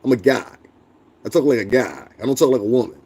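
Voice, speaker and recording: A man's voice: mid-range voice, fast talker, breathy edge. A man hosting a livestream, ranting bluntly and profanely and answering his chat. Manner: profane, blunt, animated, talks back to chat. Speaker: livestream host.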